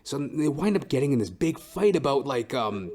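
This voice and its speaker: A man's voice: medium pitch, very animated, normal speed, darkish tone. A man hosting a podcast, telling a comic story in a profane, ranting way with frequent "right?". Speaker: podcast host.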